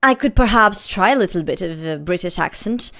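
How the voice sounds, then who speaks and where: A woman's voice: on the low side, lively intonation, fairly quick, a bit bright. A young adult woman streamer chatting casually and reading her chat aloud. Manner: chatty, reads chat aloud, frequent laughs and "like".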